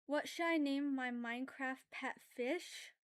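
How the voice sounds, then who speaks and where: High-voiced woman chatting on a drawing stream. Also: slow, clean tone. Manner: loud, animated ranting, then quiet and apologetic; chatty and self-aware, with filler words and laughs. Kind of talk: casual livestream chat while drawing.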